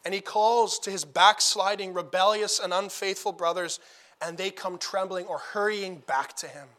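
A man preaching a sermon, emphatic and repeating phrases for stress as he builds to loud declarations. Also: high-pitched, steady tone, normal speed.

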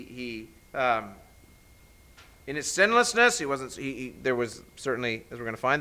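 A middle-aged man preaching a sermon as a pastor, emphatic and animated, often restarting phrases. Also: high voice.

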